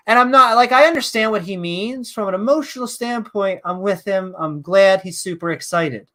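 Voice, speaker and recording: A woman's voice: mid-range voice, animated, normal speed, hardly any pauses, fairly bright tone. A woman with a Northeastern US accent co-hosting a casual reaction show, talking in a sarcastic, rambling way over an online call mic. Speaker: co-host.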